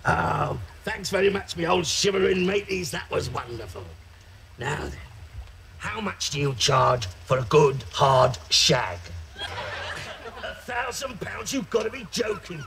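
A man's voice: high-pitched, big pitch swings, unhurried, gravelly, a crowd in the background, heavily acted. An actor playing a needy, childish male client in a TV sitcom, wheedling and pleading. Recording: studio audience laughter behind.

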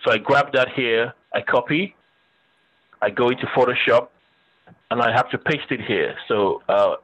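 Bright-voiced man teaching web design. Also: medium pitch, moderate pace, lo-fi sound. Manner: chatty, thinks aloud while demonstrating; joking with students. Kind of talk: casual screen-share lecture.

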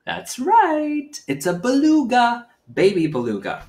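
A man's voice: very high voice, wildly swooping pitch, a little slow, darkish tone. A man performing as a children's music entertainer, leading preschoolers through a live sing-along with short spoken prompts between songs. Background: his own guitar playing.

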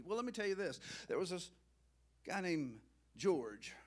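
A male pastor preaching a sermon in a church, emotional and excitable, rising to loud outbursts. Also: sits high, moderate pace. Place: church sanctuary.

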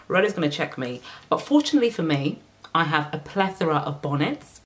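A woman with a Caribbean accent giving hair care tips in a casual vlog, sassy and playful with shouted exclamations. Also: low voice, expressive, a little fast.

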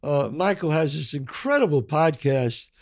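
A man's voice: on the high side, moderate pace. An older man, hosting a podcast and telling stories animatedly, acting out the people he quotes. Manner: animated storyteller, acts out quoted voices. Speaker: podcast host. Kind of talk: casual chat, storytelling.

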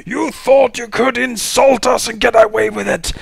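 A man voicing a gloating undead male villain who rants in triumphant shouts. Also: extremely high pitch, fairly even intonation, moderate pace, creaky, husky, voice pushed up, heavily acted.

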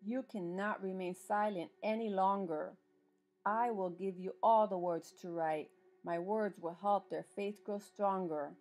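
A woman's voice: mid-range voice, steady tone, a little slow, a little mellow, voice pushed down, lightly acted. A woman voicing the Lord as a stern, loving father figure who issues solemn warnings and urgent pleas in a recited religious poem.

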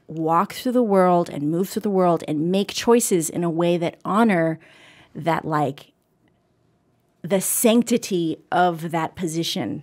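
Here is a woman guest on a casual podcast, in her thirties, with a somewhat low voice. She talks about family in an animated way and laughs easily between her lines. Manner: animated storyteller, laughs often.

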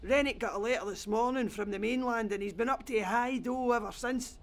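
An actor playing a foul-mouthed, grumbling Scottish oil rig worker in a video game. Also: male voice, very high-pitched, brisk. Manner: swears and grumbles.

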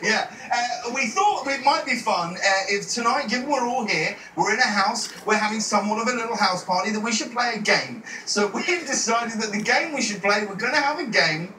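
A man's voice: sits high, expressive, brisk, few pauses, sharp tone. A man hosting a party game in a house, chatty and laughing often. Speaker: host. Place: house interior. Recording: echoey room, far from mic, noisy.

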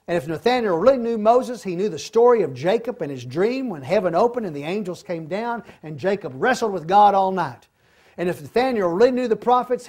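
A man's voice: high-pitched, darkish tone. A man, older, teaching a Bible study lesson and acting out the quoted lines with animation.

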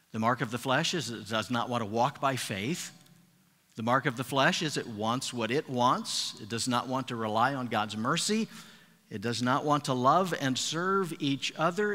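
A man's voice: medium pitch, pushed and bright. A male pastor preaching a sermon to his congregation, emphatic and repeating key phrases for weight. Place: church sanctuary. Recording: long reverb of a church hall.

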